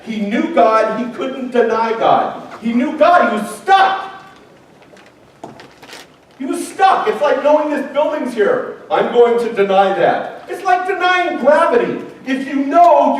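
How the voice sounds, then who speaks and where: A male pastor preaching a sermon in a church hall, talking in a joking, conversational way and acting out quoted voices. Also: very high-pitched. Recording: very echoey hall from far off, faint noise.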